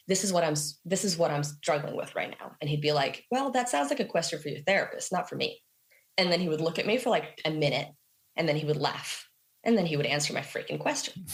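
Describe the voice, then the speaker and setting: A woman musician being interviewed, telling stories in a reflective, animated way with casual fillers. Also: low-pitched. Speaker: guest musician. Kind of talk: conversational interview.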